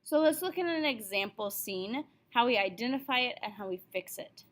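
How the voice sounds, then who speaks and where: A woman with a fairly high voice gives a writing lesson. She explains things patiently, step by step, with the odd "uh", and now and then reads a short example passage aloud. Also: expressive, normal speed, a bit bright. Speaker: writing teacher.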